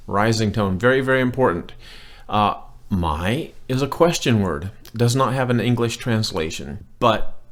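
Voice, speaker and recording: A man teaching a beginner language lesson in a casual, rambling way, with plenty of fillers and restarts. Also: fairly low pitch.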